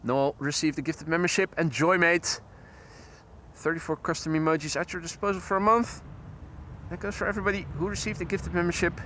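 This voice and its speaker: A Dutch-accented man hosts a live plane-spotting stream from beside a runway, talking precisely and often rewording himself mid-sentence. His voice sits high and sounds bright and forward. A faint outdoor hum runs beneath him. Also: steady tone, a little fast. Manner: chatty, precise, self-correcting. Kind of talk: live commentary with chat greetings.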